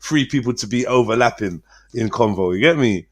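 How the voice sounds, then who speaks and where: A man hosting a casual livestream panel chat, slangy and animated, quick to laugh. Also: medium pitch. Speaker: livestream host.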